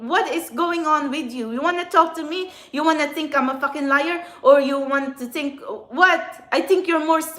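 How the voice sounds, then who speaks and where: A woman's voice: high voice, reverberant. Agitated, swearing woman venting. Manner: agitated, swears often, swings between quiet and loud. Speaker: spiritual channeler and tarot reader. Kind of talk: emotional venting monologue. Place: outdoors in a city.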